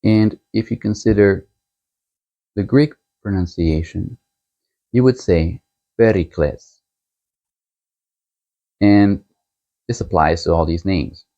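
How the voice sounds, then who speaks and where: A man hosting a book channel, chatting casually as he shows a book set and reviews a novel, unhurried and chuckling as he thinks aloud. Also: low-pitched, mellow, dull audio.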